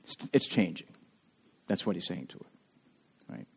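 A man preaching a sermon as pastor, telling stories in an animated way and often restarting his words. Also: low-pitched, unhurried, slightly rough, long reverb tail. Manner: animated storytelling with frequent restarts.

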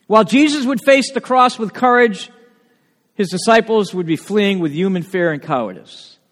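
A male pastor preaching a sermon in a church, animated and emphatic, with frequent asides to the congregation. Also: sits high, normal speed. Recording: long reverb of a large hall.

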